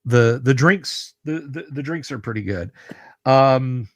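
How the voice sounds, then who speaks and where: A man's voice: medium pitch, takes it slowly. A man running a tabletop game on a livestream, talking in a casual, friendly way and often repeating words as he goes. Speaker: game master.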